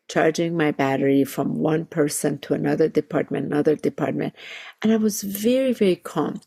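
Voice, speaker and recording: A woman reverend hosting a solo podcast episode, telling a personal story in a soft, earnest way and laughing now and then. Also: deep voice, a little fast, vocal fry, husky. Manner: soft-spoken, earnest, laughs while recounting.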